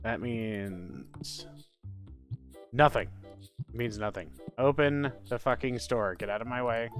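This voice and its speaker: A man's voice: mid-range voice, slow, over music. A man hosting a casual let's play, ranting sarcastically with lots of swearing. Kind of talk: casual gameplay commentary with ranting stories.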